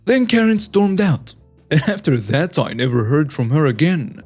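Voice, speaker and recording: A man narrating scripted online stories in an animated storytelling manner, reading lists item by item. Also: a little high, normal speed, faint music behind.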